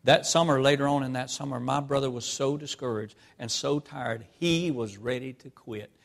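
Male preacher, gravelly voice, emotional sermon delivery, swings quiet to loud, heard in a big reverberant church hall. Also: medium pitch, normal speed. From North Carolina. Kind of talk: sermon with personal stories.

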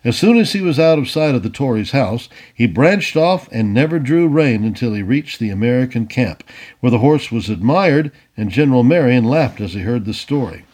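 A man narrates a historical adventure tale in an expressive storybook style. His voice is husky and mid-pitched. His intonation swings widely as he tells the story. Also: moderate pace. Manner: expressive, animated reading. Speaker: audiobook reader.

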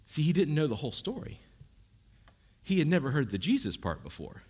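A man's voice: on the high side, very animated, brisk, breathy edge. A man preaching a sermon in a conversational teaching style, with jokes and asides. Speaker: pastor.

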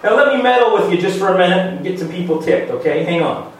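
High-voiced male pastor preaching emphatically, heard from afar in a very echoey church. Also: animated, background noise. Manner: emphatic, halting restarts, rhetorical questions. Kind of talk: sermon. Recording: very echoey room, voice from far off.

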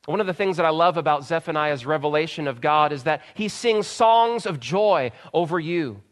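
A man in his thirties, a pastor, preaching a sermon in an earnest way, dropping soft and slow, then rising to loud emphatic bursts. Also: a little high, expressive.

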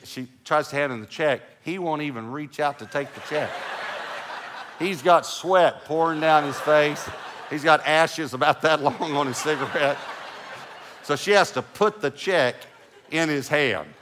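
A middle-aged male pastor preaching a sermon, an animated storyteller who drops to hushed lows and rises to loud bursts. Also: measured pace, noisy background.

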